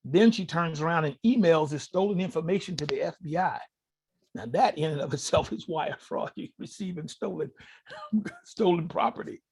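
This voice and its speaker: A man with a somewhat high, husky voice, sharing stories as a guest on a talk show. He tells them casually and with energy, turning now and then to speak directly to the listeners. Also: normal speed. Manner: animated, addresses listeners directly. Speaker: podcast guest. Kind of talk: casual storytelling to an audience.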